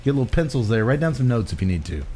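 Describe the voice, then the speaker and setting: A man's voice: mid-range voice, rapid-fire, slight background noise. A man hosting a podcast, recapping a movie in casual chat with lots of laughter. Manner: animated, laughing storyteller. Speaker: podcast host.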